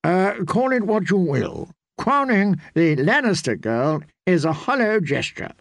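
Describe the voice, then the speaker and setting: A man's voice: sits high, very animated, unhurried, creaky, dry recording, studio quality, voice pushed up, full character voice. A man voicing a sardonic, arrogant knight. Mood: scornful.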